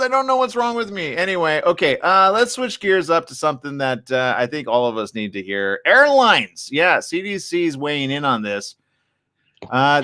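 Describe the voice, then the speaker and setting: A man hosting a radio morning show, chatting casually with listeners and reading the news in a studio. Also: a little high. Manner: lively, chatty, quick asides.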